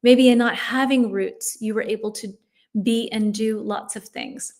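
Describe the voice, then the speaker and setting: A woman's voice: on the high side, fairly even intonation, a little slow. Woman teaching a live English lesson. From United States. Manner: chatty, reads viewers' comments aloud and reacts warmly.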